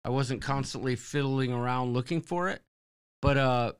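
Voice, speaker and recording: Smooth and medium-pitched, a man talks at a moderate pace while co-hosting a live show. He meanders through a casual story in an animated style, voicing what everyone said along the way.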